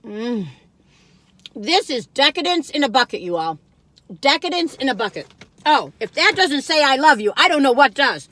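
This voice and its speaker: Woman, high pitch, very animated, chatty, sings bits, chews while talking. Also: normal speed, dry recording. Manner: chatty, breaks into snippets of song; talks while chewing, savoring sounds. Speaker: food reviewer. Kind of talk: casual taste-test chat.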